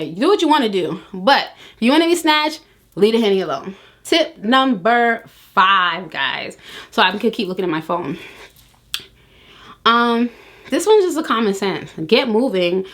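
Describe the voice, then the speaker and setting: A young adult woman vlogger giving weight loss tips in casual chat to camera, sassy and animated, teasing her viewers with slang. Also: medium pitch, moderate pace.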